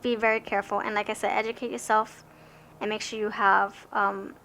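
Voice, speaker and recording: Bright, chatty young woman reading tarot. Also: mid-range voice, level tone, brisk, slight background noise. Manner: chatty, rambling, stammers and restarts. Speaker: tarot card reader. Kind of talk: casual tarot reading to camera.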